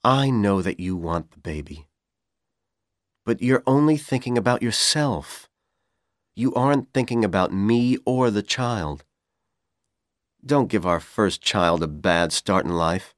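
A man reading a smooth, manipulative young man. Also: on the low side, animated, takes it slowly, pauses often, dry recording, studio quality. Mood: coaxing. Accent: Persian. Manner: coaxing, then coldly insistent.

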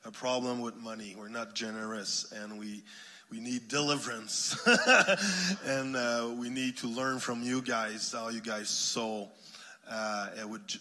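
A man with a Quebec French accent preaching a sermon as a guest speaker, joking and then rising to fervent shouting. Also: on the low side. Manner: jokey and warm at first, then builds to fervent shouted preaching. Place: church sanctuary. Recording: long hall reverb in a church.

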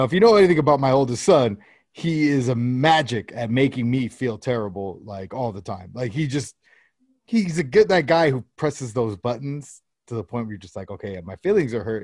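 A man's voice: medium pitch, darkish tone, no echo, clean studio sound. A man, likely in his thirties, telling a rambling, profane story about his kids in casual chat. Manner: rambling, profane anecdote-telling with quoted dialogue.

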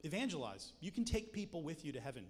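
A man's voice: fairly high pitch, sing-song, quick pace. Preacher man in a reverberant hall. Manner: conversational and joking, with emphatic points. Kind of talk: sermon. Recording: long hall reverb with music behind.

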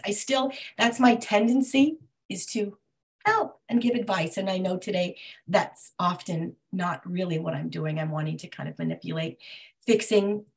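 A middle-aged woman on a video call, sharing her story at a recovery meeting in a halting way, often restarting and searching for words. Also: medium pitch.

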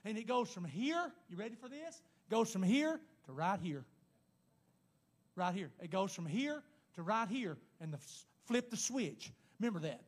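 A man preaching a sermon, emphatic and repetitive, rising to shouts at times. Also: high voice. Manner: pauses to speak in tongues.

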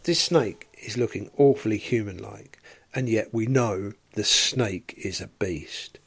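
A man's voice: lowish voice, measured pace, gravelly, husky. A man teaching a Bible study in a podcast, explaining verse by verse and posing rhetorical questions.

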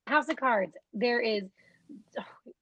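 A young woman co-hosting a casual podcast chat, talking in a chatty way with quick asides and frequent laughs. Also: on the high side, a bit bright, no room sound, lo-fi sound. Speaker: podcast co-host.

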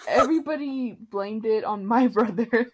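A young woman in casual chat, telling a story slowly and giggling. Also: on the high side. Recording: loud background noise.

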